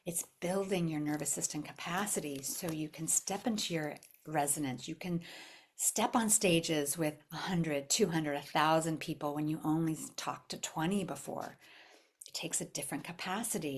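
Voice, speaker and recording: A woman leading a spiritual workshop for a group, teaching in an expressive way and dropping to a whisper for emphasis. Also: low-pitched, moderate pace. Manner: expressive, acts out quoted voices loudly, drops to whispers for emphasis.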